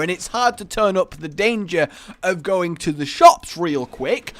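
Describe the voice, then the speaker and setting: A man gives playful, rambling commentary over a game, jumping from joke to joke. His voice sits fairly high and sounds smooth and resonant. The recording is dry and close. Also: lively intonation, measured pace, a bit bright, no room sound. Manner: rambling, playful, jokey self-talk. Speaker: gaming video host. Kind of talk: gameplay commentary.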